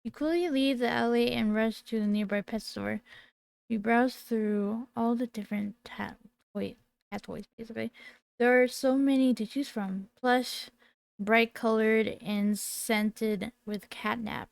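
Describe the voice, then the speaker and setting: A woman in her twenties reading a text game aloud while she plays, with small slips and quick self-corrections. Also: a little high, vocal fry, clean tone, no echo. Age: 20s. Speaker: gaming video creator.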